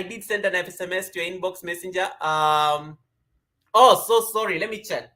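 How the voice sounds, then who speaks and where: A man hosting a casual live stream from home, greeting viewers by name with lively energy. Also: high voice, a little fast. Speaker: livestream host.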